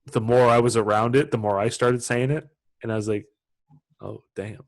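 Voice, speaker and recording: A man's voice: mid-range voice, steady tone, fairly quick, dry recording. A young Canadian man with an Ontario accent, hosting a podcast interview in a loose, chatty way full of filler words. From Canada (London, Ontario). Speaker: podcast host. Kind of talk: casual interview chat.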